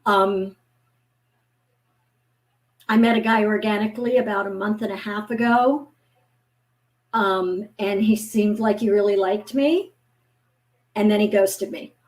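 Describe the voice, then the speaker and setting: A woman in her fifties, a guest author, chatting casually and telling lively stories, acting out the voices of people she quotes. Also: mid-range voice, measured pace, pauses often. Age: 50s. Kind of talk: casual chat.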